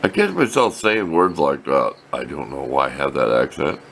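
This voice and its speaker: An older man with a very low voice talks through his workshop projects in a folksy, meandering way. His pitch swings up and down freely as he explains things. A faint hum of noise sits behind him. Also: animated, moderate pace, gravelly, a bit bright. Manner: folksy, rambling, plain-spoken. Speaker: workshop video host. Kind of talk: casual workshop show-and-tell. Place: home workshop.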